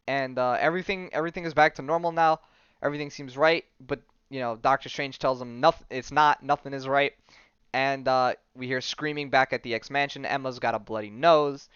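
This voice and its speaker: A man's voice: mid-range voice, brisk, a bit bright, clean tone, no room sound, lo-fi sound. A man hosting a podcast, casually retelling a comic storyline, quoting the characters and laughing often. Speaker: podcast host.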